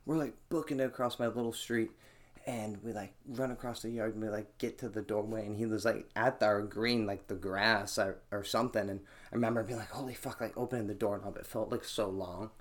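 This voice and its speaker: A man with a lowish, steady voice speaks briskly as he hosts his own podcast from a small room at home, the mic resting on a chair draped with a towel. He tells rambling, profane stories stuffed with "like" fillers in a casual solo format.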